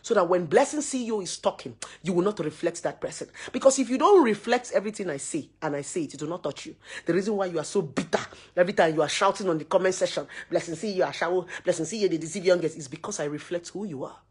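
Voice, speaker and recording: A Nigerian woman with a Nigerian accent giving a forceful, preachy to-camera rant full of repeated rhetorical questions. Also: fairly low pitch, lively intonation, fast, hardly any pauses, husky. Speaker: social media commentator.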